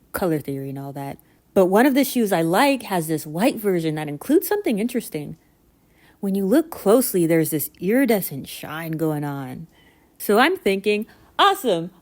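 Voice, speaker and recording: A woman vlogger narrating a scripted story in an animated, exasperated and self-mocking way. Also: on the low side.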